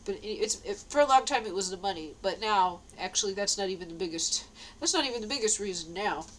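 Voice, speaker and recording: A woman's voice: medium pitch, expressive, fast talker, slight background noise, rough recording. A woman talking straight to the camera in a casual, rambling monologue, repeating herself and laughing between lines. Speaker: vlogger.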